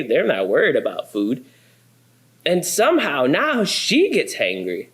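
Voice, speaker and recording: Pastor guy in his 30s telling goofy family stories, bouncy lively voice, a bit high. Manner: animated, self-deprecating, comic. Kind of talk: humorous sermon storytelling.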